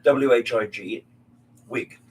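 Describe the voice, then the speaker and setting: A man, a customer who gives talks on cruises, answering questions in a measured, dry, informative way. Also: medium pitch, husky. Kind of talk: casual chat. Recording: distant mic with faint hum.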